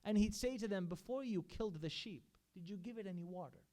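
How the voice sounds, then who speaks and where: A man's voice: high-pitched, fairly quick, warm tone. A man giving a sermon at a religious gathering, earnestly recounting stories with quoted speech. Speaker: majlis speaker. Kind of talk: sermon storytelling. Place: religious center hall.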